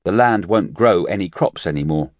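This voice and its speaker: Narrator's own low voice as a flat, unimpressed hibernator; dismissive, no wonder in him. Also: male voice, normal speed, no room sound. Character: weary indifferent man woken from hibernation.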